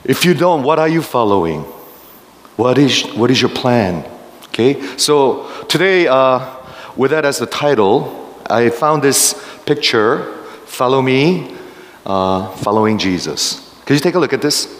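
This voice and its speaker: A man's voice: mid-range voice, expressive, measured pace. A man preaching a sermon as pastor, emphatic and firing questions at the congregation. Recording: long hall reverb.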